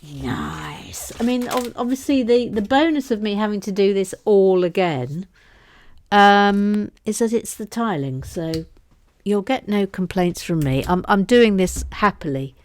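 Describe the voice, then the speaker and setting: A woman's voice: mid-range voice, unhurried, darkish tone. A woman co-hosting a casual chat while building, reading comments aloud in a playful way. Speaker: co-host.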